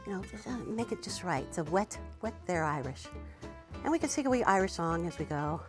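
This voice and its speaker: A woman's voice: lowish voice, animated, a little fast, music in the background. A woman hosting a cooking demonstration, chatting to a student and using "wee" and "you know" as she goes. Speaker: cooking teacher and show host.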